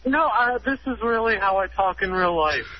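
Young male radio caller, very high odd voice, hesitant, dull lo-fi broadcast sound. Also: lively intonation, normal speed. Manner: hesitant, many uh's. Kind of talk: radio call-in.

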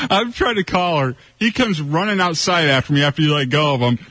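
A man's voice: a little high, animated, a little fast, a bit bright. A man co-hosting a radio show, telling a story in a laid-back way. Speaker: radio co-host. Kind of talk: radio banter.

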